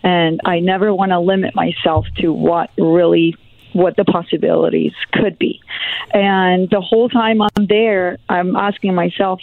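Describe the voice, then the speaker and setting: A woman's voice: on the low side, a little slow, creaky, no echo. A woman calling into a radio show as a guest, speaking earnestly and from the heart, often repeating words. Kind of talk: emotional personal testimony. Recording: tinny phone line.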